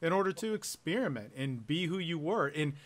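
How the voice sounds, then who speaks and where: A man's voice: fairly high pitch, animated, brisk. A man hosting a podcast, talking casually and emphatically and swearing freely. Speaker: podcast host. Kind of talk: casual conversation.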